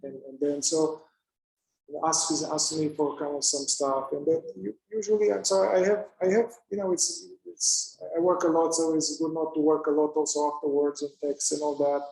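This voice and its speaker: A therapist, a man, gives a reflective talk in a fairly high voice. He speaks haltingly, often restarting his sentences as he searches for words. The room around him is echoey. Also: little pitch movement, gravelly, darkish tone. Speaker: somatic therapist.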